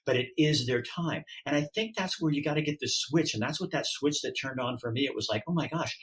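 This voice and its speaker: A middle-aged man talks as a guest on a podcast, open and candid. He gets animated as he goes, acting out what others said with big jumps in pitch. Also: brisk, poor audio. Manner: animated, acts out quoted voices, pitch swings widely. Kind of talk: candid interview talk.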